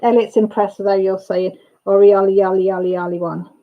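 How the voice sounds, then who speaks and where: A woman hosting a casual chat livestream, excitable, laughing and greeting viewers by name. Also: medium pitch, fairly quick. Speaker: livestream host. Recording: dull lo-fi livestream sound.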